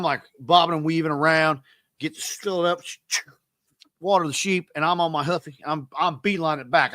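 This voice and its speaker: Bright-voiced man telling stories. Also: a little high, dry recording, studio quality. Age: 30s. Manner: rambling, self-deprecating, animated retelling. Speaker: podcast host. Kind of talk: casual storytelling monologue.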